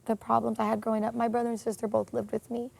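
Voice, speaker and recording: A woman telling a painful personal story in an interview, earnest and emotional, with many pauses and fillers. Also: on the high side, level tone, gravelly, a little mellow. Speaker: interview guest.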